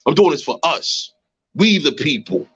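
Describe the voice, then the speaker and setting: A man in his thirties hosts a casual live chat in an animated, slangy way. His voice sits a little high. It comes through a phone with a dry, muffled sound. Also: normal speed, husky, no room sound. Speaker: host.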